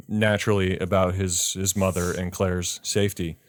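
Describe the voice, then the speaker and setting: A man with a lowish voice recaps a movie scene by scene on a podcast, filling pauses with ums and chuckling at the absurd parts. The sound is dry and close to the mic. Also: little pitch movement, dry recording. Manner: recaps scenes at length with fillers, laughs at own jokes. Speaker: podcast co-host. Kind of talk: casual chat, recapping a film plot.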